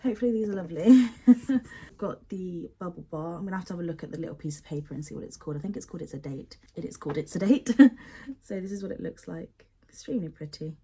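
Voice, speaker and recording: A woman's voice: fairly low pitch, fast talker, warm tone. A young woman chatting casually and expressively as she unboxes and sniffs bath products, often poking fun at herself. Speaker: beauty product unboxing vlogger.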